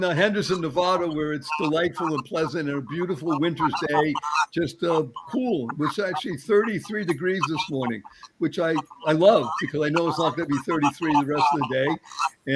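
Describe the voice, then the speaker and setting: A man's voice: on the high side, fairly quick. Upbeat man hosting a video call. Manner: upbeat, rambling with fillers. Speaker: host. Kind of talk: live webinar panel chat. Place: home office in Nevada. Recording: noisy video call audio.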